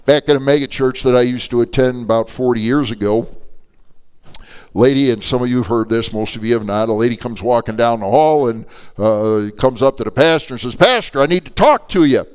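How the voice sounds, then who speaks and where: An older man preaching a sermon to an adult Bible class, telling stories in an animated, emphatic way. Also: mid-range voice, brisk, clean tone.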